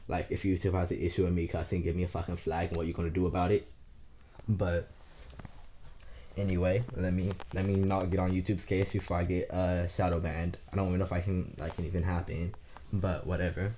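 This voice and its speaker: Deep, mellow man, rambling casual storyteller, stammery and foul-mouthed. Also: level tone, fairly quick, a little hiss or hum. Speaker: fan fiction storyteller.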